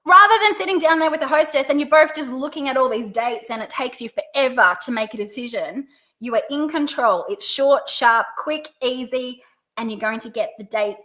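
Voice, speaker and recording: An Australian woman coaching direct sellers in a video lesson, upbeat and playing up her rising and falling pitch. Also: moderate pace, bright, forceful tone. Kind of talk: video tutorial.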